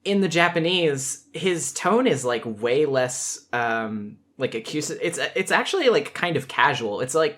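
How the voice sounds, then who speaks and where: A man chatting casually as host, with a mid-pitched voice. He talks in an animated way, laughing often and leaping high in pitch whenever he acts out a quoted line. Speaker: podcast host. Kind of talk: casual chat.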